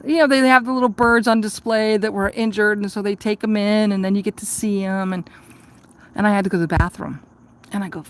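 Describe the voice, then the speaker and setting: A woman vlogger telling a rambling, profane story in a casual chat, ranting and laughing at herself. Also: mid-range voice.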